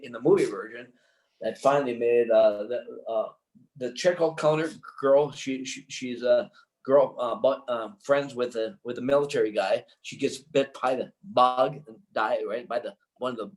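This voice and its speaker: An older man, a filmmaker guest in an interview, telling a long anecdote in an excitable, rambling way full of restarts. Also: mid-range voice, moderate pace, poor audio.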